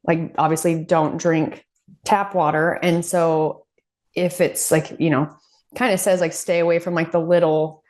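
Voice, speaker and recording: A woman co-hosting a podcast in a casual chat, calmly passing on practical things she has read. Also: low-pitched, a little slow. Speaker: podcast co-host.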